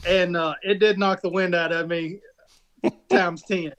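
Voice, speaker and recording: A man's voice: sits high, fairly even intonation, measured pace, a bit bright. A man co-hosting a casual podcast, retelling a race crash in a rambling way full of restarts and fillers. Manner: rambling storytelling with many restarts. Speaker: podcast co-host and rock racer.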